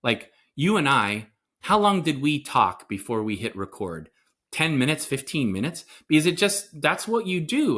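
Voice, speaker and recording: A man's voice: on the high side, big pitch swings, moderate pace, fairly bright tone. Middle-aged male therapist guest, earnest and explanatory, acts out quoted dialogue, conversational podcast. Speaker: parenting coach and psychotherapist guest.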